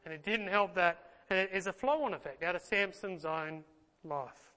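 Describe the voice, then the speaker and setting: A man's voice: high-pitched, moderate pace, bright, forceful tone. A man preaching an earnest sermon, closing in prayer and speaking with feeling. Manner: earnest, emotional, fillers and restarts. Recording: long hall reverb.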